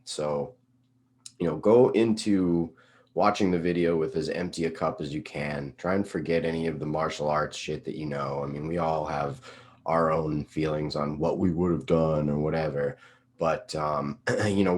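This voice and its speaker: A man's voice: rumbling low, slight background noise. A man in his late thirties from Massachusetts hosting a podcast interview, loose and casual with plenty of ums and easy laughter. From Northeastern Massachusetts. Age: late 30s. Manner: loose and laid-back, lots of ums, quick to laugh. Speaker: podcast host.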